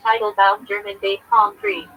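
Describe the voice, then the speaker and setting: A man's voice: high voice, sing-song, moderate pace, gravelly, pushed and bright, rough recording. A man, a rabbi, reading from a list on a livestream in short clipped fragments. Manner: clipped fragments, terse and listing.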